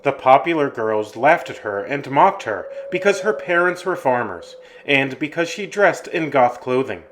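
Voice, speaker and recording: A man narrating a scripted horror story in a measured, ominous way. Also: on the high side, a bit bright.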